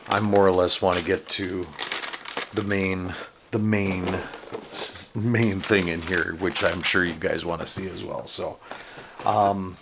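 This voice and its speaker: A man hosting a casual unboxing video, talking enthusiastically and rambling with lots of fillers. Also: low voice. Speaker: toy unboxing vlogger. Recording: background noise from handling packaging.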